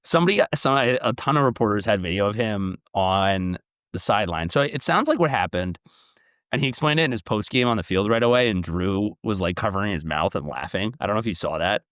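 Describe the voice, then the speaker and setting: A young man co-hosting a casual sports podcast, talking in an excitable way that jumps into loud animated bursts. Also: on the low side, brisk, no echo, studio quality. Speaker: podcast co-host.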